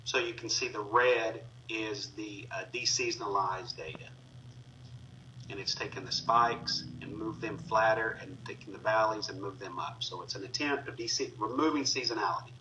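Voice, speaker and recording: Clicking through a screen-recorded spreadsheet lesson, a male instructor explains every step to his class, filling gaps with frequent fillers. His lowish voice sounds pushed and bright at a normal speed, and the distant mic catches faint noise.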